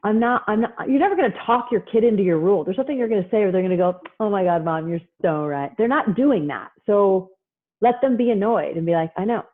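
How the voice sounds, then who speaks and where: A woman presenting on parenting in a casual talk over a video call, chatty and acting out parents and kids in quick asides. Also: medium pitch, lively intonation. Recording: tinny phone-like line.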